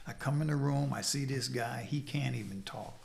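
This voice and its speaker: Gravelly streetwise man in his sixties. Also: medium pitch, normal speed, a little hiss or hum. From New York City. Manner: streetwise, blunt, profane storytelling. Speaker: guest. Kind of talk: recovery story interview.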